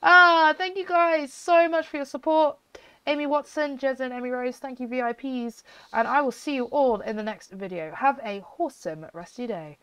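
A woman giving chatty, excitable let's-play commentary as a gaming YouTuber, often giggling. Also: sits high, moderate pace, clear, resonant tone, no echo.

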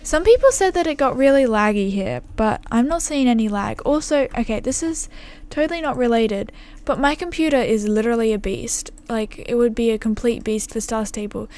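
Casting: bubbly woman gamer commentating her play, gushing, fairly high voice, desktop mic. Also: normal speed, a little mellow. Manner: bubbly, gushing, says "like" and "oh my god" a lot. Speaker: gaming YouTuber. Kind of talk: gameplay commentary. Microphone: desktop microphone.

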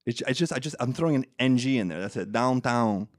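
A man's voice: medium pitch, rapid-fire, no echo, studio quality. A young man hosting a casual comedy podcast, telling stories and laughing often. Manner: joking, animated storytelling, laughs often. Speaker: podcast host.

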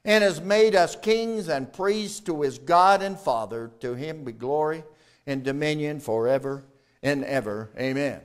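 In a clear, resonant tone and at a measured pace, a male pastor moves back and forth between emphatic loud lines and soft low ones. He prompts the congregation to reply as he preaches.

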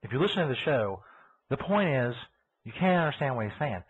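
A man's voice: mid-range voice, sing-song, fast talker, slightly rough. A man hosting a live comedy radio show, rambling and profane as he chats in character, laughing at his own jokes. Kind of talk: rambling comic chat in character. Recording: tinny phone-like lo-fi audio.

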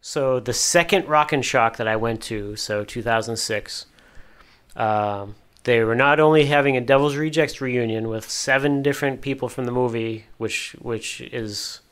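A man in a casual podcast chat, telling an excited fan anecdote with many fillers and restarts. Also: medium pitch, normal speed, smooth. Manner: rambling, lots of "you know" fillers and restarts. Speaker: occasional podcast co-host.

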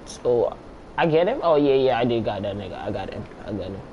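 A man's voice: mid-range voice, lively intonation, brisk, lo-fi sound, a little hiss or hum. Slangy, profane young man gaming. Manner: slangy, profane, talks to himself while playing. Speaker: gameplay commentator. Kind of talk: casual gameplay commentary.

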